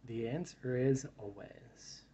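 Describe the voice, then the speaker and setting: A man's voice: medium pitch, slow pace, dark tone, husky, lo-fi sound. A man giving a reflective Bible study talk, reading verses aloud and then musing on them in a thoughtful way. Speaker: Bible teacher.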